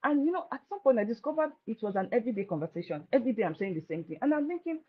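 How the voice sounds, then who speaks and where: A married woman giving informal marriage advice, telling stories with lively delivery and acting out what people said. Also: fairly high pitch, rapid-fire, hardly any pauses. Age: adult, married. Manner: lively storytelling, acting out quoted voices. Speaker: marriage speaker. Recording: dull lo-fi sound.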